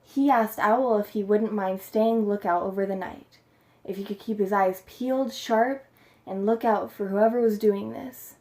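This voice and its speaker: A woman's voice: medium pitch, steady tone, unhurried, warm tone. A woman telling a folktale in a plain, homespun way for a storytelling class. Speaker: student storyteller.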